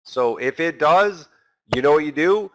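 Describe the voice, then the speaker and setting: A trading instructor with a fairly high, expressive voice leads a class at a slightly slow pace. He speaks emphatically and rhetorically, posing questions and then answering them himself.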